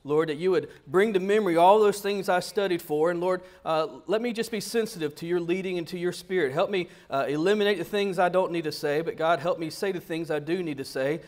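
A man preaching with a notably high voice, telling a story in an animated, conversational way. He speaks to a congregation like a pastor chatting with friends. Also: fairly quick, hardly any pauses. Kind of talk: storytelling sermon.

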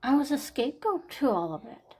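A woman's voice: high-pitched, big pitch swings, brisk, dark tone, slightly rough. A woman in her forties talking anxiously to camera in a personal late-night vlog, sighing often and trailing off. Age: 40s. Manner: anxious, frequent sighs, trailing off. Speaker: vlogger.

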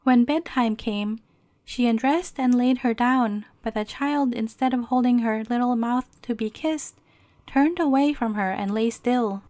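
Brief: woman storyteller, gentle measured bedtime reading, dry close-miked sound. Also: a little high, dry recording.

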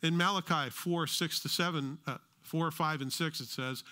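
A man's voice: a little high, steady tone, moderate pace, bright, forceful tone. A middle-aged American man preaching a sermon as pastor, conversational with joking asides.

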